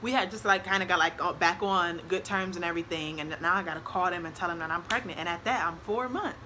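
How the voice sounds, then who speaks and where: A young woman tells a casual storytime, animated, acting out quotes and laughing often. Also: fairly low pitch, fast, background noise. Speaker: vlogger.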